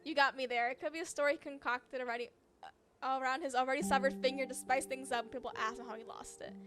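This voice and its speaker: Lady reading as a chatty young cryptid hunter gal, high voice, game music behind. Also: fairly even intonation, fast, lightly acted. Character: upbeat young woman cryptid hunter and vlogger.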